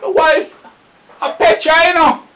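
A woman with a Jamaican accent playing a fussy husband who coaxes his partner to calm down, in a comedy stage play. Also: very high voice, a little slow, far from the mic, a little hiss or hum. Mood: scolding. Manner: soothing, repeats pleas to calm down.

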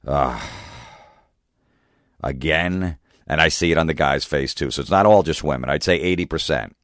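A man's voice: very deep voice, fast talker, a bit bright, dry recording, studio quality. A middle-aged man hosting a podcast, ranting and swearing about couples he sees at his stand-up shows. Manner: profane, ranting, acts out hecklers in mocking voices. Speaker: comedian and podcast host. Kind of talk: casual podcast monologue.

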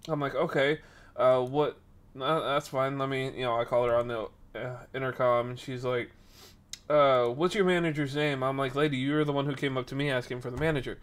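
A man's voice: medium pitch, fairly quick. A young man hosting a casual stream podcast, telling a story and acting out the people in it. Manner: animated, acts out quoted people.

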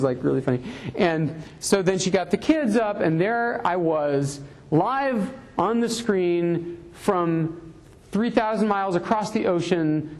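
A man's voice: on the high side, darkish tone. A middle-aged man giving a live talk as a tech columnist, telling stories in a chatty way with lots of fillers and self-corrections.

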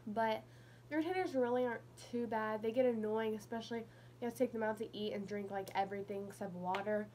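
A woman's voice: a little high, fast talker, darkish tone, a little hiss or hum. A young woman with a lisp talking casually through a retainer in a personal vlog update. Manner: chatty, slightly mumbled with a retainer in. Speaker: vlogger.

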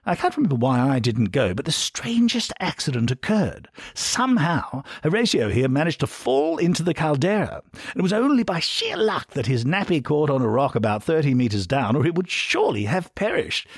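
A man's voice: fairly high pitch, very animated, moderate pace, slightly rough, no echo, studio quality, voice pushed up. Man putting on a pompous posh English brother. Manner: plummy, pompous drawl. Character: posh, condescending upper-class English older brother.

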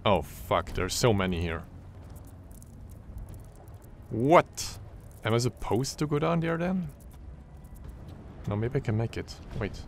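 Excitable, swearing game commentator. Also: male voice, mid-range voice, slow pace, long pauses, slight background noise. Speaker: gaming channel host. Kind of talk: horror game let's play commentary.

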